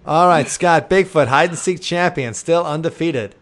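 A man's voice: fairly high pitch, moderate pace, slight background noise. Joking man hosting a casual chat. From Milwaukee. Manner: joking, rambling with fillers. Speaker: podcast host.

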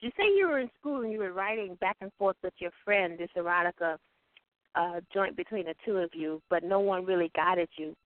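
A woman's voice: on the low side, fairly quick, no echo. Attentive woman host on a phone line. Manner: attentive, with frequent murmured mm-hmms. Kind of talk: talk show interview.

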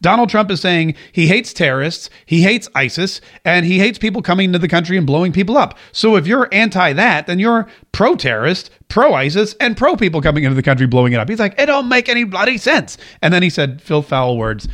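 A man with a notably high voice hosts a casual commentary show from home. He talks in a chatty, rambling way, reading out viewer comments and dropping sarcastic asides. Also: expressive, a little fast, few pauses, a bit bright. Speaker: show host.

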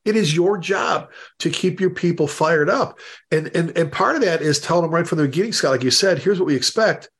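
A man hosting a casual panel discussion over a video call, telling stories in an animated, emphatic way. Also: fairly high pitch, brisk. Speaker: host and fire service instructor.

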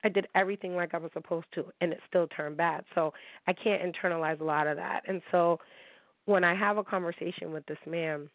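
In an emotional monologue on her own talk show, an upstate New York woman speaks candidly and heatedly about her divorce, repeatedly checking whether listeners understand. Her voice is fairly low and steady, a little fast, captured in a thin, dry, phone-like recording.

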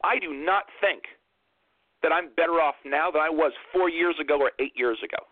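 Man, talk radio host, emphatic opinion monologue, husky, dry narrow phone-like sound. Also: on the high side, normal speed, no echo. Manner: emphatic and preachy, repeats phrases for impact.

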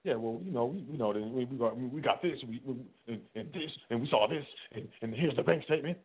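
A man's voice: mid-range voice, fast, breathy edge. A man hosting a casual solo talk, rambling and repeating words as he acts out little conversations. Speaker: host. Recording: tinny phone-like sound.

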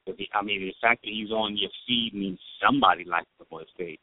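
A man co-host chatting casually, joking in an animated way. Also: fairly low pitch, quick pace, no echo. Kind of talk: casual chat. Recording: tinny phone line.

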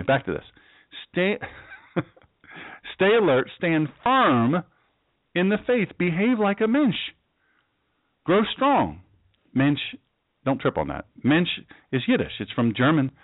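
A man's voice: fairly low pitch, no room sound. Joking man teaching scripture. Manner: folksy, joking asides, acts out quotes. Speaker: pastor. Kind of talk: casual Bible teaching. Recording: dry, tinny phone-like sound.

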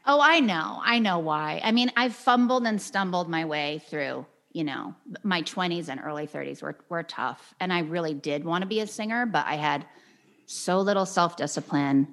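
A woman's voice: fairly low pitch, normal speed, fairly bright tone. A woman of around forty, a singer, talking candidly as a podcast guest, with a somewhat nasal voice and an easy laugh. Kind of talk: casual podcast interview.

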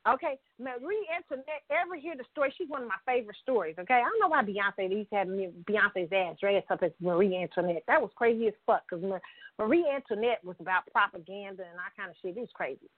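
A woman's voice: mid-range voice, lively intonation, fast talker, no echo. A woman ranting bluntly in a heated, profane vlog, swearing freely and laughing between points. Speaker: vlogger. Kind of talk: profane political rant. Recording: tinny phone-like sound.

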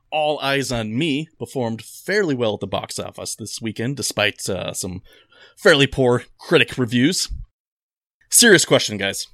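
A man's voice: mid-range voice, fairly bright tone, no room sound. A man hosting a casual comedy podcast, with dry, mock-grand introductions and jokey banter. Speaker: podcast host.

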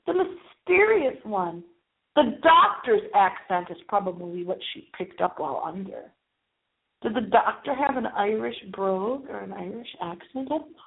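A woman hosting a paranormal talk show in a playful, theatrical way. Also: fairly high pitch. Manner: theatrical and playful, with big swoops in tone. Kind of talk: casual solo show monologue. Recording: tinny phone-like sound.

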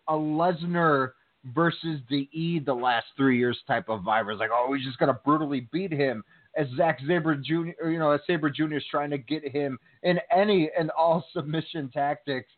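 A man's voice: on the high side, moderate pace. Chatty man on a tinny phone line. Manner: chatty, animated storytelling with fillers. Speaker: podcast co-host. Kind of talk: casual chat.

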